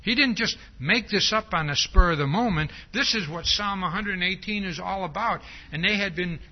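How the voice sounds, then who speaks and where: A man's voice: high-pitched, normal speed. A man preaching a sermon, stressing his points with a repeated "see?" and acting out quoted lines. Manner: frequent rhetorical "see?"; emphatic, acts out quoted speech. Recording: dull lo-fi recording.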